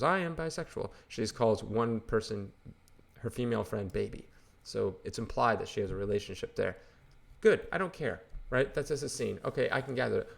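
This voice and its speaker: A man's voice: mid-range voice, vocal fry, a bit bright. A man hosting a comic book channel, ranting in casual, exasperated and sarcastic commentary.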